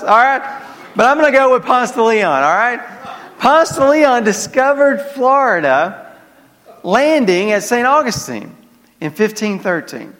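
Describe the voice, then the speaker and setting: A Southern man preaching to his congregation, pitched high for a man and prodding the room for amens. His voice rings out in a church sanctuary with a long, trailing reverb. He delivers it as an animated sermon in call-and-response. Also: moderate pace. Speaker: pastor.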